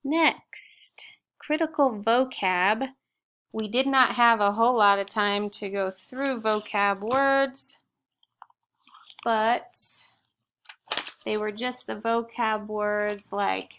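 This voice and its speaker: A middle-aged woman teacher slowly sounding out spelling words and explaining vocabulary in a recorded lesson. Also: mid-range voice, fairly even intonation, fairly bright tone, slight background noise. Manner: slow, clear word-by-word sounding out.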